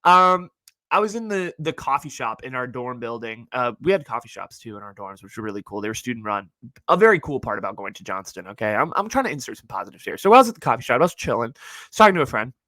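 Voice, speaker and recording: A young man talks through his college stories with animated energy, saying "like" constantly. His voice is bright and forward. The sound is dry and close. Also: mid-range voice, fast talker, dry recording. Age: young adult. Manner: animated storytelling, heavy use of "like". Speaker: podcast host. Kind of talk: casual monologue.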